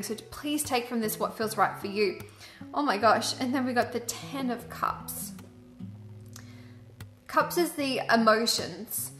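Woman card reader, chatty and earnest, bright higher voice, echoey room with soft music behind. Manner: chatty, earnest, heavy use of "like". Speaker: tarot and angel card reader. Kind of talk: casual spiritual guidance vlog.

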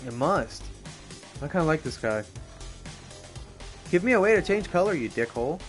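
A young man giving casual, profane live commentary on a racing game, excitable and often laughing. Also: a little high, moderate pace, soft background music. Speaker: streamer.

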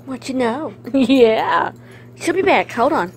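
A woman's voice: sits high, lively intonation, slow, a little hiss or hum. A woman in her fifties filming a casual home vlog, cooing baby talk at her dog and laughing often. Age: 50s. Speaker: vlogger.

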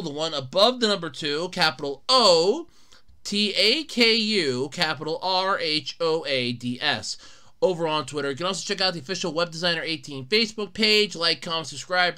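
A young man hosting a solo podcast, chatting casually, excitable, often laughing and shouting. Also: on the high side, clean tone. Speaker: podcast host.

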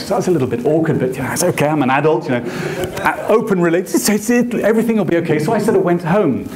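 A male photographer giving an anecdotal lecture, telling stories with animated acted quotes. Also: on the high side, rapid-fire, roomy sound. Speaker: photographer and guest speaker. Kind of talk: storytelling lecture. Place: lecture hall.

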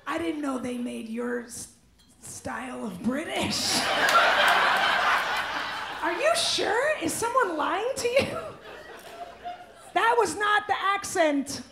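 A woman's voice: extremely high pitch, lively intonation, slow pace, pauses often. A woman comedian doing stand-up crowd work on a club stage, brash and teasing, laughing often. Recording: echoey club with loud noise.

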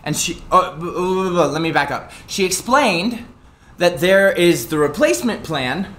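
A man streaming live, telling an angry story in a profane, animated rant with sudden loud outbursts and self-mocking asides. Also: high-pitched, measured pace.

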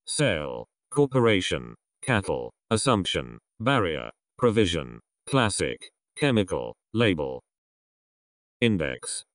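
A man slowly reading an English vocabulary list aloud, one word at a time with pauses. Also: low-pitched, no echo, studio quality. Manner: slow, measured reading of single words with pauses.

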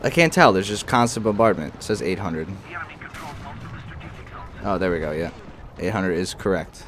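A young man casually commentating his own tank gameplay, excitable and profane, often jumping into loud outbursts. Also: low-pitched, moderate pace. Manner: excitable, profane, bursts into shouts. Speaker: gaming channel host. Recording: faint game noise behind. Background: game artillery and battle noise.

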